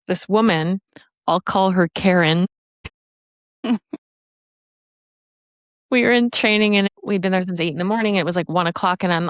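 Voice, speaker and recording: Animated woman in her fifties. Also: on the low side, dry recording, clean studio sound. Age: 50s. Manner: animated, emphatic storyteller. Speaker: podcast host. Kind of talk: casual chat, storytelling.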